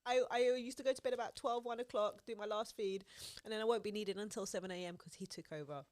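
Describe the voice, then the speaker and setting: A woman's voice: mid-range voice, fast talker, dry recording. A young woman, chatting on a podcast and telling stories with lots of laughter. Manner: animated storytelling, laughs often. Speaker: podcast co-host. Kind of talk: casual chat.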